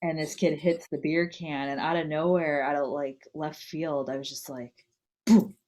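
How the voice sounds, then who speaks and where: A woman's voice: low voice, fairly even intonation, moderate pace, a little mellow. A young woman co-hosting a casual chat, rambling and laughing often as she talks. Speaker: podcast co-host.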